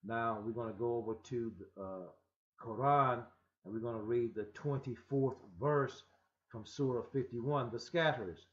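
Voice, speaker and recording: A man's voice: mid-range voice, moderate pace. A man teaching from scripture in a rambling, emphatic way, with frequent restarts and stammers, on a muffled lo-fi recording. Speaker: religious teacher.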